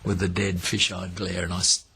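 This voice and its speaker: Australian male storyteller for an interview, low gravelly voice, acts out the people in his stories. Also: moderate pace, slight background noise. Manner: lively storyteller who acts out the people he quotes. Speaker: entertainer interviewee.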